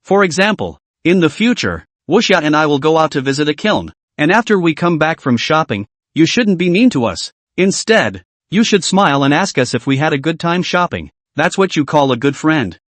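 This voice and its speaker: A cocky, stubborn young girl fighter who boasts and won't back down, read out by a male narrator in his own voice. The delivery is lively in pitch and sits dry and close. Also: normal speed, no echo. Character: cheeky bold young girl martial artist.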